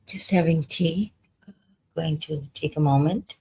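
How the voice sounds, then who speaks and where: A speaker talks slowly in a personal confessional monologue, breaking off and restarting again and again. The voice is husky and a little breathy, with an unsettled, frightened edge. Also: mid-range voice, dark tone, poor audio. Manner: halting, hesitant, many pauses and false starts. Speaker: vlogger.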